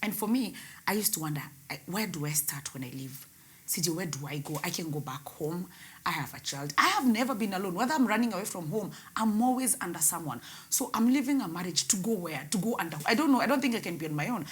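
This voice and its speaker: A young woman telling her painful personal story in an interview, her voice swinging between loud outbursts and hushed words. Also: lowish voice, animated, fast talker. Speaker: guest, radio host.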